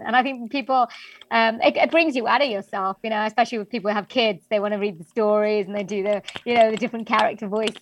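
A woman's voice: medium pitch, a bit bright, poor audio. A woman from Wales who speaks with a general British English accent, a singer and voiceover artist talking in an interview in a chatty way with many fillers. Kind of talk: interview conversation.

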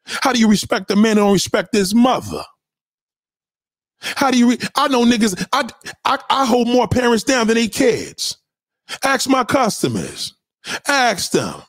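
High-pitched New man ranting hard. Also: sing-song, unhurried, long pauses, dry recording, clean studio sound. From New York City. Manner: profane, loud, lecturing, rhetorical questions; swings pitch widely for emphasis. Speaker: commentator. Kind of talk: heated ranting commentary.

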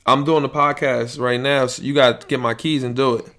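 A man's voice: mid-range voice, steady tone, brisk, a bit bright. A young man, hosting a podcast in loose, rambling, profane chat. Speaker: podcast host.

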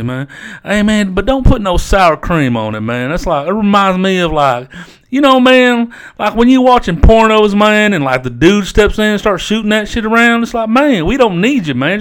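A man's voice: sits high, fairly bright tone. A man voicing a rambling, foul-mouthed stoner from Amarillo, hosting in character and tacking "man" onto nearly every phrase. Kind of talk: improvised comedic character monologue.

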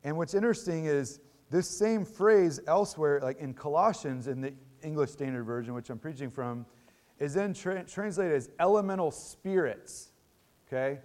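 A man's voice: fairly high pitch, moderate pace, a little mellow. A middle-aged man preaching a sermon in a conversational teaching manner, often restarting phrases and checking in with tag questions. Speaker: pastor.

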